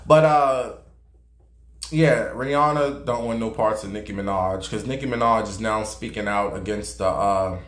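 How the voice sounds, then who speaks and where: A man's voice: lowish voice, normal speed. A man giving sassy, profane gossip commentary and dramatic storytelling as a vlogger. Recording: roomy echo.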